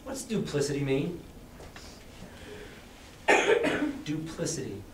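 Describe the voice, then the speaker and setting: Brief: male teacher, casual and explanatory, slightly higher voice, roomy faint-noise classroom. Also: huge pitch swings, slow, fairly bright tone. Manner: casual, explains and quizzes students. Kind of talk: reading a novel aloud to a class. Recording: echoey classroom, distant mic.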